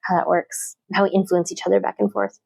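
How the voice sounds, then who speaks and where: Woman with a creaky, slightly low voice. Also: steady tone, brisk, darkish tone, dry recording. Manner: thoughtful, with frequent fillers and restarts. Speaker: literature teacher. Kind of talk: casual interview talk.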